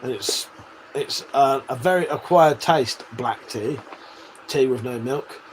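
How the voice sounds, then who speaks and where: A man in his forties from England speaks in a mid-range voice at a slow pace, with slight background noise. He's chatting casually on a live stream, reading viewer comments aloud, laughing and swearing as he banters.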